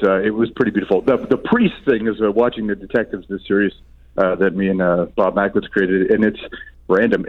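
A man talks fast and tells his stories with animation, in an easygoing radio conversation. The sound is a little dull and lo-fi, like a radio broadcast. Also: on the low side. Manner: storytelling, quick and animated. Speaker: guest. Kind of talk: casual radio chat.

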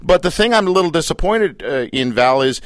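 Guy hosting a radio show, teasing and deadpan, dry studio mic. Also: a little high, a little fast, dry recording. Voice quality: teasing, playful, deadpan jabs. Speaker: radio talk show host. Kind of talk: comedic radio talk.

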